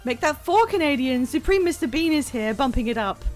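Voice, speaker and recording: A woman chatting casually on a live stream while playing a game, excitable and self-deprecating, rambling from one thought to the next. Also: high-pitched, brisk, soft background music. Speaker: livestreamer playing a video game.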